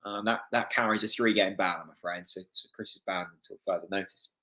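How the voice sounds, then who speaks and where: A young man hosting a live football watchalong, excitable and getting hoarse. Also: sits low, brisk. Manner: excitable, swings from calm chat to shouting at goals. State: losing his voice. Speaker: fan watchalong host.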